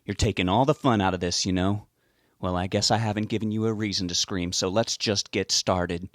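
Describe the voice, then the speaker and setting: A man's voice: on the low side, fairly even intonation, fairly quick, dry recording, clean studio sound, natural voice. A man reading an audiobook, voicing a towering, sadistic killer with a Southern drawl. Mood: taunting. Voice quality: drawling, mocking. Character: towering male serial killer, taunting and sadistic.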